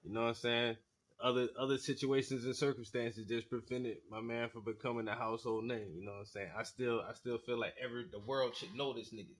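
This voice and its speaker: A man from South Carolina, hosting a casual music reaction and hyping up an artist in slangy, excitable talk. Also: medium pitch, fast.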